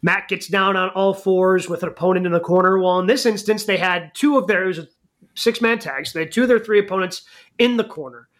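A man's voice: high voice, fairly quick, fairly bright tone. A man co-hosting a wrestling podcast in casual chat, talking in a rambling way with lots of restarts. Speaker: podcast co-host.

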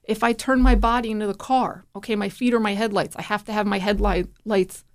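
A woman guest on a radio talk show, telling a personal story in a casual, animated way and acting out the dialogue. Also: mid-range voice, fairly quick. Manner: animated, acts out quoted dialogue. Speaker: guest, parent sharing her son's story.

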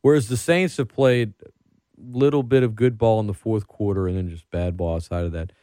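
A man's voice: lowish voice, moderate pace, clear, resonant tone, no room sound, clean studio sound. A man hosting a casual sports talk show, rambling and getting worked up as he talks. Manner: animated, rambling, gets worked up. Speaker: podcast host.

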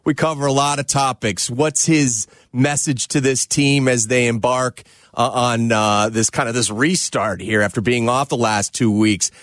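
A man's voice: mid-range voice, moderate pace, a bit bright, dry recording. Man hosting sports radio, dry sound. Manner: reflective, conversational. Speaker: radio show host.

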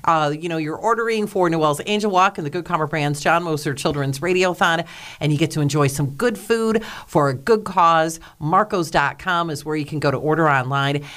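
A woman's voice: low voice, fairly quick. A woman hosting a chatty local radio show from a studio. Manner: bubbly, excitable, chatty. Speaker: radio host. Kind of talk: casual local radio chat.

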